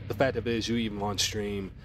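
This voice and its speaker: A man giving a mocking voice-over commentary, scornful and insulting. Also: on the low side. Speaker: commentary video narrator.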